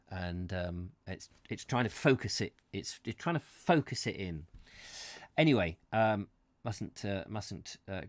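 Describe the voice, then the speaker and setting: A man in his fifties talks straight to his viewers in a slightly low voice, earnest and heartfelt. He rambles and halts, restarting sentences as he hunts for the right word. The sound is dry and close, with no room echo. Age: 50s. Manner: halting and rambling, full of restarts and searching for words. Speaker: host of a live reading channel. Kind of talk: casual live chat to viewers. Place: his own studio.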